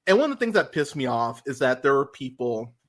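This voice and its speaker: A man hosting a casual review podcast, talking animatedly and swearing, his voice jumping up high when he gets worked up. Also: sing-song, brisk. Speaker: podcast host.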